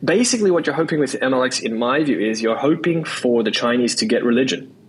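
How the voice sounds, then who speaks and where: A man's voice: medium pitch, animated, slightly rough, poor audio. A man with an Australian accent, a podcast guest talking in a loose, chatty way, with many restarts and repeated words. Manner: quick, loose talk full of "like" and "right?". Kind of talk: casual interview chat.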